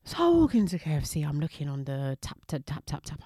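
A young woman, co-hosting a casual chat and telling a story with slang, swearing and quick laughs. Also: low-pitched, big pitch swings, mellow, husky, dry recording, clean studio sound. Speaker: radio and podcast co-host.

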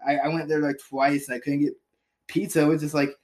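A man's voice: on the high side, flat delivery, brisk, a little mellow. A man co-hosting a podcast in casual chat, laid-back and joking, swearing freely. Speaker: podcast co-host.

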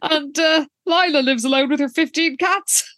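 Giggly young woman, higher voice. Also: moderate pace, a bit bright, no echo, studio quality. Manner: giggly, chatty, narrates plot. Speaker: podcast co-host. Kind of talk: casual chat recapping a TV show.

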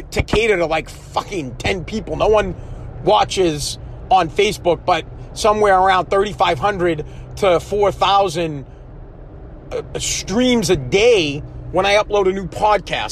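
A man hosting a solo podcast from his truck while driving, ranting in a profane, worked-up way and getting loudly passionate. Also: high-pitched. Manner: passionate, yells when fired up. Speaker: podcast host. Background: faint road and engine noise.

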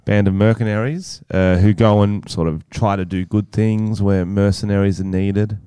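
A man's voice: on the low side, steady tone, moderate pace, mellow, smooth, no room sound. A young man co-hosting a podcast in casual, crude chat, swearing and laughing often. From Australia. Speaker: podcast co-host.

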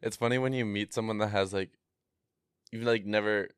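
A man's voice: fairly low pitch, fairly even intonation, a little fast, clean tone, no echo, clean studio sound. A young man with an Upper Midwest American accent in a casual chat, rambling and hesitant, laughing at himself. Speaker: podcast co-host.

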